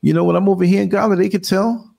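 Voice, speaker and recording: A man in his sixties with a New York accent, hosting a live show and chatting casually, telling animated stories and acting out quotes in a higher voice. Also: fast, creaky. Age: 60s. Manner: animated storyteller, acts out quotes in a higher voice, laughs often. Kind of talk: casual live-stream chat.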